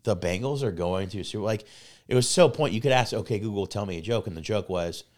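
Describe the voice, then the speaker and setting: Low-voiced man telling a rambling sports story. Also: quick pace. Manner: rambling, excitable storytelling, heavy swearing, many fillers. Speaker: podcast co-host. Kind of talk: casual chat.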